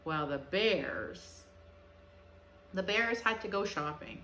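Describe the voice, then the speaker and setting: Animated slow-paced woman storyteller. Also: lowish voice, slight background noise. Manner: animated and expressive. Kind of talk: children's story telling. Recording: echoey room.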